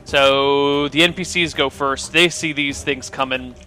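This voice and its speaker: A man acting as game master, narrating scenes and calling for dice rolls in a relaxed, descriptive way. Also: medium pitch, faint music behind. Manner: descriptive, unhurried scene-setting.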